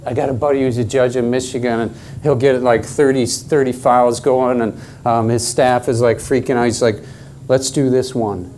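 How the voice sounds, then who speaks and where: A man's voice: mid-range voice, flat delivery, brisk, hardly any pauses, darkish tone, a little hiss or hum. A middle-aged man giving a workshop talk at a conference, emphatic and joking with the audience. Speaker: conference speaker.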